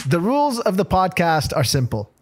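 Man with a high voice, hosting a joking podcast and laughing easily. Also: very animated, over music. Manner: laughs often, reads synopsis in quick bursts. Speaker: podcast host. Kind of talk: casual comedic chat.

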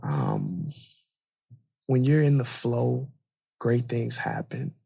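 A man who is an inspirational speaker, a guest on a podcast, telling a story in animated conversation and repeating phrases for emphasis. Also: mid-range voice, slow, vocal fry, husky.

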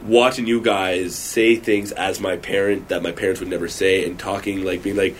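A man's voice: low-pitched, flat delivery, normal speed, a little hiss or hum. A man guesting on a podcast, talking casually with many fillers and restarts. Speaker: guest comedian.

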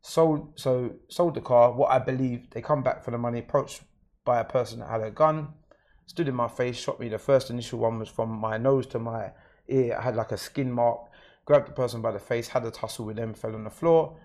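A man's voice: medium pitch, a little fast, a little mellow. London guy being interviewed, matter-of-fact, telling his own story straight. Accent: London English. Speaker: interview guest.

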